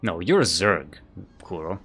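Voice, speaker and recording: Male esports caster, low-set but lively voice, loose self-correcting delivery, soft music underneath. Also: a little slow. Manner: rambling, self-correcting, chuckles often. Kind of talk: live game commentary.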